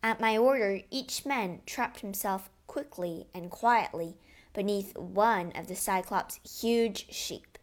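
A woman reads an adventure tale aloud in the first person, with an expressive, storybook delivery. Her pace is slow and deliberate, and her pitch sits in a moderate middle range. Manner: expressive, measured. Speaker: narrator.

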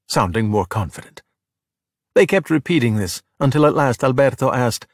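A man narrating a children's storybook in an expressive, animated way. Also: medium pitch, normal speed, no echo, studio quality. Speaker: audiobook narrator. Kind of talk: storybook reading.

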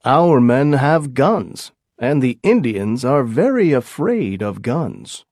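A man's voice: medium pitch, very animated, slow pace, darkish tone, dry recording, clean studio sound, full character voice. A man voicing an anxious male colonial leader in a storybook reading, speaking in a worried, pleading way.

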